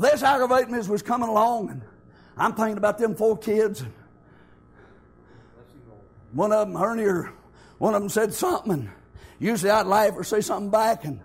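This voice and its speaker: A middle-aged man, preaching in a loud, chanting cadence that climbs high. His voice sits unusually high and has a gravelly edge. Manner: chanted, shouted preaching cadence with rising pitch. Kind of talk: preaching sermon with personal testimony.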